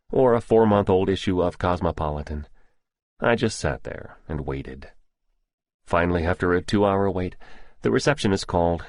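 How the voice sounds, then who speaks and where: Deep guy reading an audiobook, steady and measured, dry close mic. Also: no room sound. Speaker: audiobook narrator. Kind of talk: first-person audiobook narration.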